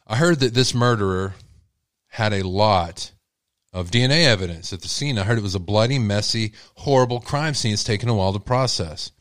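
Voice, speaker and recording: A man with a Texan accent hosts a true-crime channel, talking straight to his viewers in a blunt, heated, rambling way. His voice sits on the low side. The sound is dry and close, with no room echo. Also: fairly quick, a bit bright. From Texas. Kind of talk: casual commentary to viewers.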